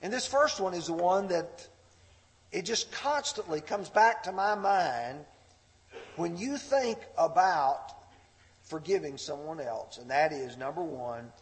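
A male pastor preaching a sermon, swelling loud and impassioned as he reads scripture aloud. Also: fairly high pitch, slow. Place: church sanctuary. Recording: long reverb of a large hall.

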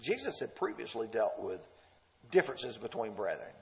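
A man's voice: lowish voice, very animated, moderate pace, vocal fry. A man preaching a sermon, leading listeners through texts verse by verse with emphatic, sometimes confrontational delivery.

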